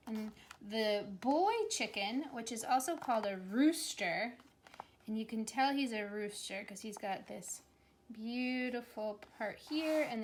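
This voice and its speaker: A woman teacher reading a picture book aloud to young children, gently coaxing them to repeat animal sounds. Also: fairly high pitch, a little hiss or hum.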